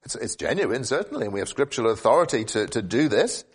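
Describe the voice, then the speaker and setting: Earnest male preacher, halting repeats. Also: sing-song, slightly rough. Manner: earnest, repeats words while thinking aloud; pitch jumps up for emphasis. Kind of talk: expository sermon.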